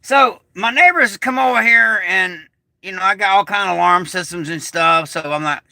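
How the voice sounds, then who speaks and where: A man telling a rambling, excitable story on a casual livestream, swearing and restarting often. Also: sits high, normal speed, vocal fry, dry recording. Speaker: prepper vlogger. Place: small shed turned bunker.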